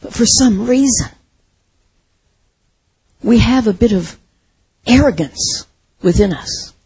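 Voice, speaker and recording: A woman's voice: a little high, lively intonation, slow pace, mellow, slightly rough, low-quality recording. A woman pastor preaching a sermon in an earnest, heartfelt storytelling manner.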